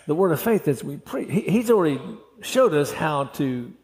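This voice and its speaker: A man's voice: a little high, sing-song, moderate pace, darkish tone. Folksy man preaching in a hall. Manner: folksy preaching, acts out quoted voices, laughs often. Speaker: pastor. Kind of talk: sermon. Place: church hall.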